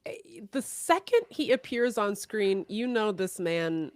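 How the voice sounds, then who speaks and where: Animated, laughing woman podcast host. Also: medium pitch, unhurried, no room sound. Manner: animated, laughs often, swears casually. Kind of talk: casual chat, storytelling.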